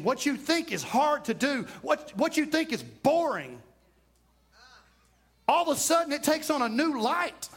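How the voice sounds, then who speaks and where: A man preaching a sermon as pastor, animated, swinging between fast and slow delivery. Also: sits high. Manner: animated preaching, varies pace widely.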